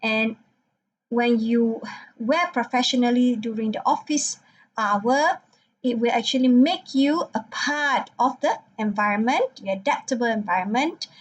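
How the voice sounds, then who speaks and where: A woman's voice: fairly high pitch, measured pace, lo-fi sound. A woman lecturer talking through her slides and checking in with "okay" again and again. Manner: frequent "okay" check-ins, non-native phrasing.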